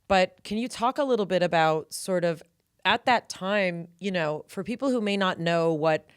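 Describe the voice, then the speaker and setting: A woman hosting an interview, asking questions in a measured, thoughtful way. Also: lowish voice, smooth, dry recording, studio quality. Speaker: host.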